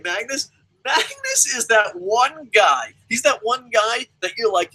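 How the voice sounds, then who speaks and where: Swearing constantly, a young adult man rants through a wrestling review and mimics people to mock them. His high voice has lively intonation, a pushed, bright quality and a breathy edge, at normal speed. The audio quality is poor.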